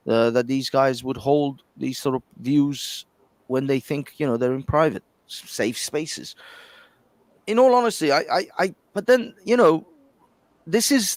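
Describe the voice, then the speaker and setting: A man co-hosting a casual podcast in a mid-pitched voice. He talks bluntly and matter-of-factly about his views. The sound is dry, with no room echo. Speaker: podcast co-host.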